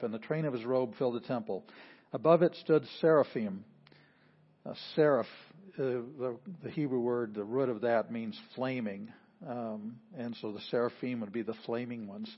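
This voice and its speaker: A pastor preaching a sermon, explaining patiently and repeating phrases for emphasis. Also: male voice, mid-range voice, normal speed. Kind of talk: sermon teaching. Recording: slightly dull lo-fi audio.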